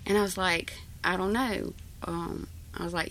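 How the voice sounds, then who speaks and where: A woman's voice: lowish voice, fairly even intonation, moderate pace, fairly bright tone, slight background noise. A woman telling a story from her past in a rambling, folksy way, with many fillers. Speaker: interviewee. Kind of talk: casual storytelling.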